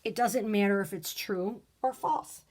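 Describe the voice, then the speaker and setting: A woman teaching a recorded grade-school lesson, patient and clear, sometimes reading example sentences with lively exclamations. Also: medium pitch, measured pace, a little hiss or hum. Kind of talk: recorded video lesson for children.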